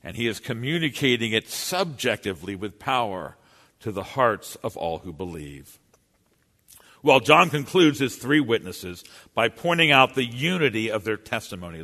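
A man's voice: mid-range voice, sharp tone. Man preaching in a reverberant hall. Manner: earnest, emphatic, swells and drops for emphasis. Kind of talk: sermon.

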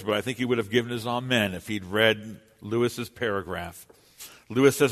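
A man's voice: mid-range voice, bright, forceful tone. A man preaching a sermon in an earnest, emphatic way, his voice rising and falling for emphasis. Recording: long hall reverb.

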